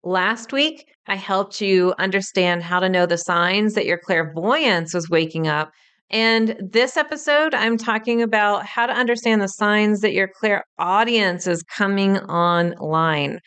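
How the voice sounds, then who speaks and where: A woman's voice: mid-range voice, measured pace, fairly bright tone, clean tone. A woman in her thirties hosting a solo podcast, explaining things in an upbeat way. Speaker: podcast host.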